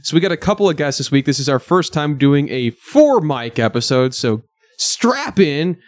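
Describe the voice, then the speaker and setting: A man's voice: a little high, sing-song, fairly quick, a little mellow, no room sound, clean studio sound. A man hosting a podcast in loose, jokey casual chat with his guests. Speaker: podcast host.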